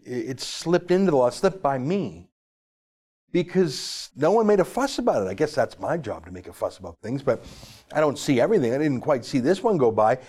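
A man's voice: medium pitch, a little mellow. A man giving opinionated political commentary, emphatic and sarcastic, at times reading legal text aloud.

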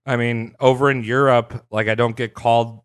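A man hosting a casual podcast chat, telling a story in an animated, profane way and acting out quotes. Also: mid-range voice, moderate pace, clean tone. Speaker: podcast host.

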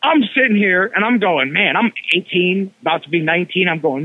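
Man, casual storyteller, animated, slangy asides, phone-line sound, dry. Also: sits high, brisk, hardly any pauses, slightly rough, no echo. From Cleveland area. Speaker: wrestling podcast guest.

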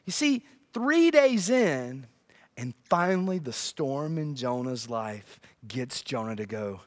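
A man preaching a sermon, swinging from loud bursts down to near-whispers and checking in with "right?" again and again. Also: medium pitch, sing-song, slow pace. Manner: peppers lines with "right?". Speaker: pastor.

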